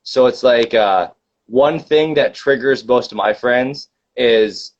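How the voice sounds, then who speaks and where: A man's voice: medium pitch, slow pace. A young man in casual chat, rambling with lots of fillers and slang. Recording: dull lo-fi sound.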